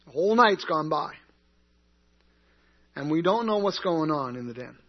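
A man's voice: on the high side, lively intonation, moderate pace. A man teaching an interactive Bible class in a conversational way, asking the group questions and answering them himself. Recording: dull lo-fi recording.

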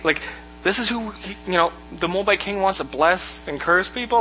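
A man teaching a casual Bible lesson, retelling the story in a joking, animated way and acting out the characters' lines. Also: high voice, moderate pace, faint music behind, rough recording.

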